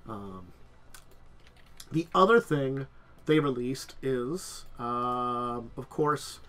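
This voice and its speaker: A man hosting a casual chat about tabletop games, a bit stuffed up, talking in halting starts with lots of ums. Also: medium pitch, animated, fairly bright tone. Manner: halting, many restarts and ums. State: stuffed up nose. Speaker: podcast host.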